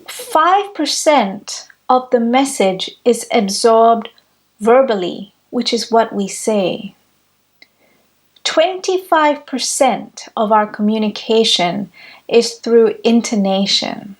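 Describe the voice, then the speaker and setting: A woman giving a reflective spiritual teaching talk, with measured, deliberate phrasing. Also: on the high side, expressive. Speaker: spiritual speaker.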